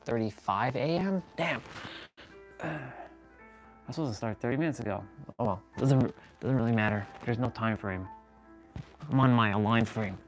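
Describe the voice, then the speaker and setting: A man's voice: medium pitch, normal speed, pauses often, faint music behind. A man hosting a fitness and motivation livestream, giving an earnest, rambling pep talk while he stretches, often correcting himself mid-sentence.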